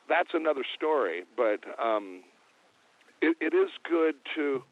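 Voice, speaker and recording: Drummer guy on a phone line, easygoing, jokey, lots of ums, tinny sound. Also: mid-range voice. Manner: relaxed, joking, hesitant with fillers. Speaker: guest drummer. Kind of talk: casual interview.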